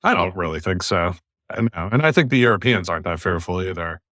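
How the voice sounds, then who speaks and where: A man from the United States hosting a podcast, giving blunt, opinionated views in casual discussion, often with animated rants. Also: sits low, fairly quick, no echo, clean studio sound. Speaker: podcast host.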